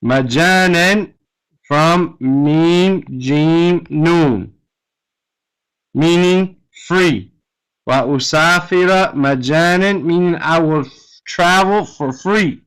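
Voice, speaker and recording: A man's voice: on the high side, slow, a bit bright, clear, resonant tone, low-quality recording. A man teaching an online language class, explaining a reading text word by word in a patient way and often checking with "right?". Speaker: Arabic teacher. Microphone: computer mic on an online class.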